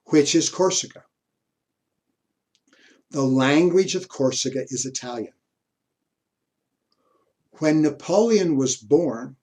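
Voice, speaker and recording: Man, history lecturer, university lecture, unhurried, halting asides, middle pitch. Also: darkish tone. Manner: unhurried, pausing mid-sentence, offering asides.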